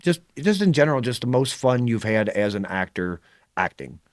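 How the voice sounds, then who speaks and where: With a mid-range voice and moderate pace, a male podcast co-host chats casually, laughing often through his animated storytelling. The sound is dry and studio-clean.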